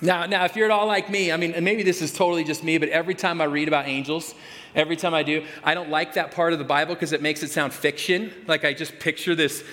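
A pastor with a notably high, slightly bright voice preaches conversationally and fast, with fairly even intonation. He often restarts and repeats words before stressing key phrases hard. The long reverb of a large hall rings around him.

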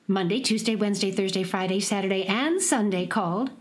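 A woman reading a children's storybook aloud in an expressive, sing-song way. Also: medium pitch, a little fast, few pauses.

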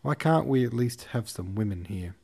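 A man's voice: medium pitch, lively intonation, moderate pace, gravelly, darkish tone, breathy edge. Denisov, a man doing a hot-tempered lisping officer. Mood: blustering. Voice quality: cannot pronounce his R's. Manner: blustering, swearing. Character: gruff hot-tempered young male cavalry officer.

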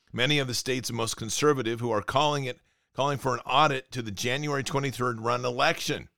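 An indignant man hosts a political commentary show, reading out news and breaking into sarcastic rants. His voice is bright and forceful, recorded dry and close with no room sound. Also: mid-range voice, brisk, gravelly, no room sound. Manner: indignant, sarcastic, reads news items aloud.

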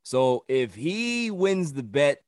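A man hosting a casual sports podcast, animated and playfully protesting with easy laughter. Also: on the high side, takes it slowly, dry recording, studio quality. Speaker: podcast host.

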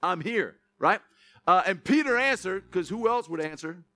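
A male pastor preaching to his congregation in a lively way, breaking up scripture readings with playful jokes. His voice sits high for a man and has a bright, ringing edge. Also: normal speed. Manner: lively, joking asides to the congregation. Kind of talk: sermon.

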